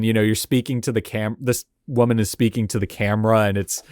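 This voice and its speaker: A man's voice: on the low side, steady tone, brisk, a little mellow, no echo, studio quality. A man hosting a casual reaction video, thinking aloud about old game commercials with chuckles and filler words. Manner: casual and thinking aloud, with frequent "like" and "you know"; chuckles between remarks. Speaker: host. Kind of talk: reacting to and analyzing retro game ads.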